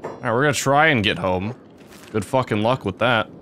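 A young man giving gameplay commentary, swearing often and breaking into excitable outbursts. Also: lowish voice, moderate pace, a little hiss or hum. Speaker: let's play host.

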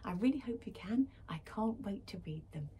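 A woman reading a picture book aloud to schoolchildren, gentle and expressive, often dropping to a whisper. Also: medium pitch, normal speed, slight background noise. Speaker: school librarian reading to pupils.

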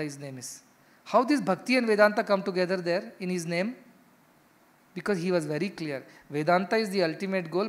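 Emphatic Indian-accented male spiritual teacher. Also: sits high. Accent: Indian English. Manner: emphatic, rhetorical questions, repeats key phrases. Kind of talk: spiritual discourse to ashram residents.

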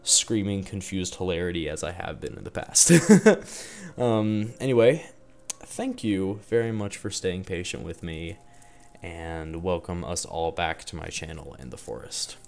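Excitable man doing gaming commentary. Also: sits low, a little slow, gravelly. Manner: excitable, exclaims often, talks to himself. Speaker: gaming channel host. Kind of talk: let's play commentary. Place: dark room at home at night.

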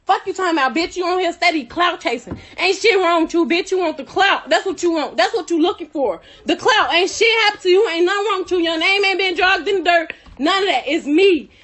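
Woman, very high voice, angry profane rant, laughs mid-sentence. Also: a little fast, few pauses, fairly bright tone. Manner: cursing, laughing through angry talk. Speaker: friend telling her side.

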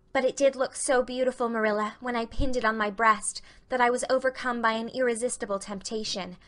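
A woman voicing an imaginative, dramatic young orphan girl who pleads in a high, breathless voice. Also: a bit bright, close to an everyday voice.

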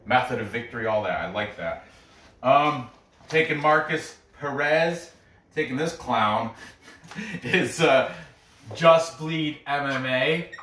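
An excitable man talks through fight picks in a loose, bragging way, often restarting his sentences. His voice sits at an average pitch. He sounds a bit away from the mic, in an echoey room. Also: distant mic, slight background noise. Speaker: MMA picks video host. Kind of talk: casual solo commentary.

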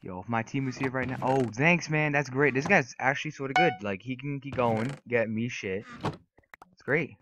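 A young man giving casual, excitable gameplay commentary, trash-talking opponents and swearing often. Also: mid-range voice, normal speed. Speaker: gaming YouTuber. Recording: noisy recording with mouse and keyboard clicks.

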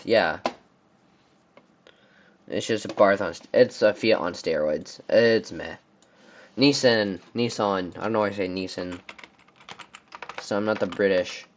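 A man's voice: low-pitched, slow, pauses often, lo-fi sound, a little hiss or hum. A young man from the United States giving casual, rambling commentary on car brands, often stumbling over names. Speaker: car reviewer. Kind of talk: casual commentary on a tier list.

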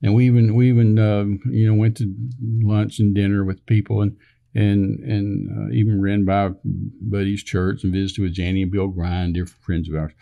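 A man's voice: on the low side, level tone, normal speed, gravelly, phone-quality sound. An older man from Texas, a minister telling a rambling personal story in casual conversation, with many fillers and restarts, acting out the dialogue he quotes.

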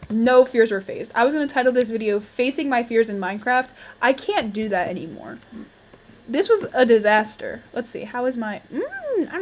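High-voiced young woman narrating her game. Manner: chatty, thinking aloud, quick to exclaim. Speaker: gamer. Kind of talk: casual gameplay commentary.

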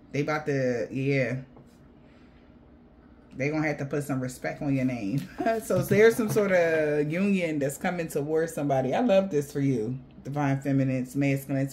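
A woman's voice: sits low, darkish tone, a little hiss or hum. A woman giving a casual spiritual reading, rambling and blunt, swearing freely. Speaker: tarot reader.

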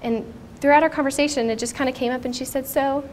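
A woman's voice: sits high, steady tone, fast talker, slight background noise. Earnest woman telling her story. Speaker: conference speaker. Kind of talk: personal testimony talk. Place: conference stage.

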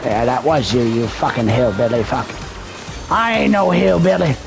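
A man giving casual gameplay commentary, excitable and full of profane trash talk. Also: medium pitch, moderate pace, gravelly. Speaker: gamer streaming gameplay. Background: game music.

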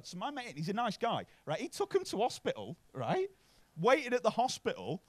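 A man's voice: sits high, huge pitch swings, fairly quick, dry recording. A man from Bury near Manchester with a Manchester-area accent, doing a sweary stand-up set in a comedy club, chatting with the crowd and tagging lines with "right?".

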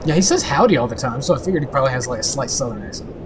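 A man's voice: mid-range voice, expressive, racing, noisy background. A man casually commenting on a game he is playing with a friend, playful and joking. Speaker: let's play host.

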